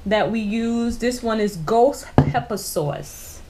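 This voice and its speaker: A mother chatting casually in a home kitchen video, explaining things slowly and deliberately. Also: fairly high pitch, background noise. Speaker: mother running a prank video.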